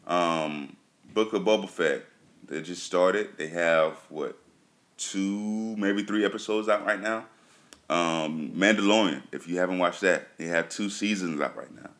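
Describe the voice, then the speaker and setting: A man with a very low voice gives a loose, chatty run-down of TV shows for his viewers. He often pauses on "um" and says his points twice for emphasis. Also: a bit bright. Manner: loose and chatty, many fillers and repeats. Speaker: TV show reviewer. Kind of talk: casual chat to viewers.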